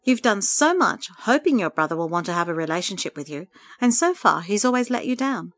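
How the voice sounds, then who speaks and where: A woman voicing a gentle, comforting friend. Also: medium pitch, big pitch swings, brisk, no echo. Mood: encouraging. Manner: gentle, soothing, encouraging. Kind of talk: storybook reading.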